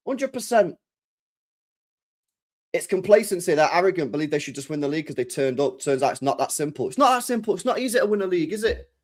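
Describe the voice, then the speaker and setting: Young man, football streamer, live reaction, excitable, sweary, repeats himself. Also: high-pitched.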